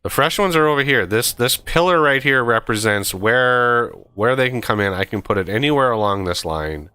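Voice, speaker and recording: A man's voice: medium pitch, expressive, normal speed, bright, forceful tone, clear, resonant tone, no room sound. A man streaming a multiplayer game, casually thinking aloud and counting off steps as he builds. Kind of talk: casual multiplayer gameplay chat.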